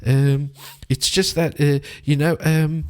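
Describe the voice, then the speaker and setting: A man's voice: on the high side, flat delivery, slow, darkish tone, pitched above the performer's own voice. A man voicing a nervous young woman adventurer who stammers when flustered.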